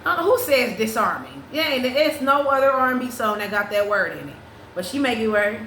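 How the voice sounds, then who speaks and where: A woman with a fairly high voice hosts a loose, casual chat. She talks in an animated, profane way, often restarting and slipping into bits of song. The recording is roomy, with faint ambience behind her. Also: a little fast, a little hiss or hum. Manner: animated, profane, restarts and breaks into sung snippets. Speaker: podcast host.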